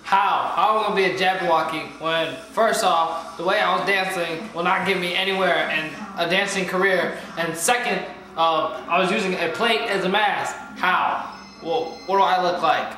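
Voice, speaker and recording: A man's voice: sits high, normal speed, bright, forceful tone, soft background music. A young man from in a comedy sketch, asking himself "how" over and over in disbelief. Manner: incredulous, repeatedly asking how. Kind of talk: comedy sketch, mock self-questioning.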